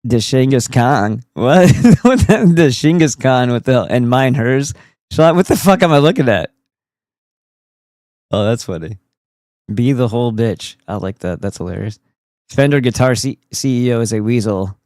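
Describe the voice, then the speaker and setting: A man's voice: mid-range voice, animated, moderate pace, darkish tone, no echo. A man hosting a casual livestream, talking in a goofy, profane and rambling way. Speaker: streamer host.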